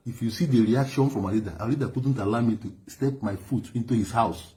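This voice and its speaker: A man with a Nigerian accent, an Igbo speaker, telling stories to an audience in an animated way, often repeating words. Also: mid-range voice, brisk, few pauses. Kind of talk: storytelling speech.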